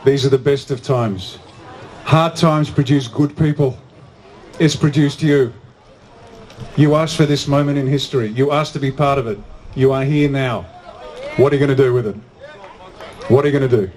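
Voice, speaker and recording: A man's voice: mid-range voice, steady tone, moderate pace, long pauses, darkish tone. A man giving a live motivational talk at an event, speaking emphatically and repeating key phrases for impact. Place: outdoor event on a hot day.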